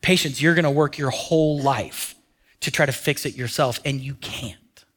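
A man preaching a sermon in a conversational way, asking his listeners questions and dropping to a hush on key phrases. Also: medium pitch, moderate pace. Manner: conversational, asks the audience questions. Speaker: pastor.

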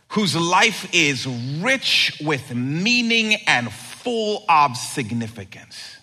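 A man preaching a sermon as pastor, conversational and animated, asking the listeners questions. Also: a little high, slightly rough.

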